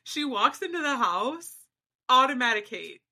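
A woman's voice: high-pitched, sing-song, a little slow, sharp tone. A woman co-hosting a casual recap podcast, dropping wry, sarcastic asides. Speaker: podcast co-host.

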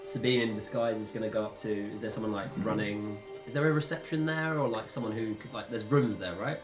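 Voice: medium pitch, quick pace. A player describing their character's actions in a tabletop game. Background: background music.

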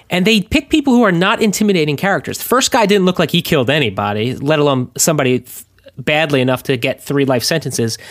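A man's voice: fairly high pitch, dry recording, studio quality. A man co-hosting a podcast, telling wry stories and joking about a TV show. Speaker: podcast co-host. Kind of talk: casual chat recapping a TV show.

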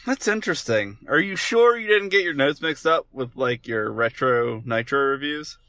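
A man's voice: medium pitch, expressive, moderate pace, pushed and bright, no room sound. A man co-hosting a casual podcast chat, easygoing and agreeable, often trailing off with fillers. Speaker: podcast co-host.

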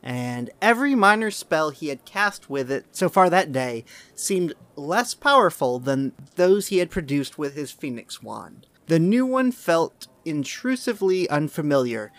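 Podcast host, casual chat, rambling and tangential, self-amused, mid-pitched voice. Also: sing-song, unhurried, fairly bright tone, no echo. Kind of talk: casual chat and reading aloud.

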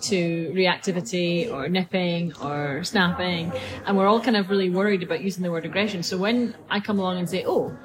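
A woman with a lowish voice talks through dog behaviour in an easygoing podcast chat, often pausing on ums. Loud café chatter surrounds her. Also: low-quality recording. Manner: thoughtful, pauses with ums. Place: busy coffee shop. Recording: crowd noise in a café. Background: café crowd chatter.

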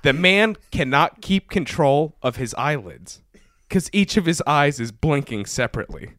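A man co-hosting a casual podcast, retelling a TV scene and acting out shouted quotes as he goes. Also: a little high, moderate pace, no echo, studio quality. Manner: animated storyteller, acts out shouted quotes. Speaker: podcast co-host.

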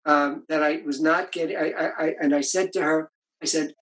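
A man's voice: fairly high pitch, steady tone, moderate pace, fairly bright tone, rough recording. Older man telling anecdotes. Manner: reflective, tells anecdotes with many restarts. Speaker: author being interviewed. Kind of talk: storytelling in conversation.

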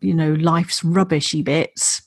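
A woman's voice: sits low, steady tone, measured pace, a little mellow, husky, dry recording, clean studio sound. A woman hosting an interview, asking her question thoughtfully and searching for words. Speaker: host.

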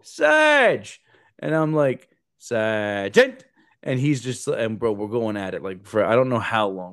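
Young male podcast host with a slightly low voice, animated storyteller who mimics others; dry, close recording. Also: no echo. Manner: animated, swearing, acts out quotes in raised voices. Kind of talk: casual storytelling.

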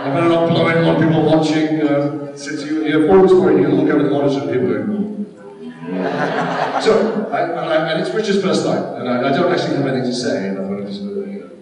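A man's voice: on the high side, quick pace, over a noisy crowd. A man telling rambling, self-mocking stories as a guest on a convention panel, often breaking into laughter. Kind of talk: anecdotal storytelling. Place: large convention hall. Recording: echoey hall from far off.

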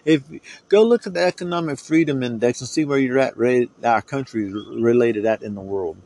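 A man's voice: medium pitch, fairly quick, darkish tone. A middle-aged man from the United States, hosting a podcast and ranting in a heated, profane, rambling way. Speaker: podcast host. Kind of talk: solo podcast rant.

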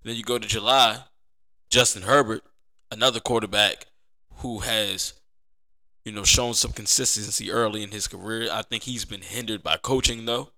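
Bright-voiced man talking football. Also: fairly low pitch, normal speed. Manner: animated, conversational, repeats himself for emphasis. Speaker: podcast host. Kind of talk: casual sports commentary.

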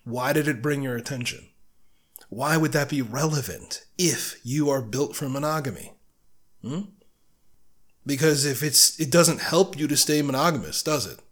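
A man's voice: mid-range voice, fairly bright tone. Blunt, profane man reviewing a book. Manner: asks the listener rhetorical questions. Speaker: podcast host. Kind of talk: casual solo book review.

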